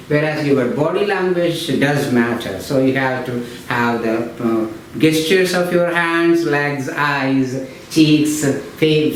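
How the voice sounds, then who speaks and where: Echoey teacher lecturing. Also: male voice, on the high side. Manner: explanatory, repetitive, frequent fillers and restarts. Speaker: English teacher. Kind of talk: classroom-style lecture. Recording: very echoey room with faint noise.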